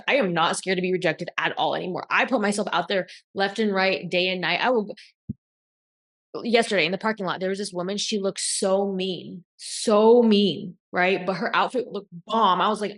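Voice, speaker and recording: A woman giving a blunt, emphatic motivational talk as a self-help coach, swearing casually. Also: lowish voice.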